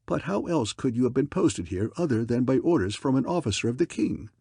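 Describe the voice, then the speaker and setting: A man's voice: mid-range voice, expressive, brisk, dark tone, breathy edge, dry recording, studio quality. A man voicing a haughty, officious male major domo of a palace. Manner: haughty, clipped.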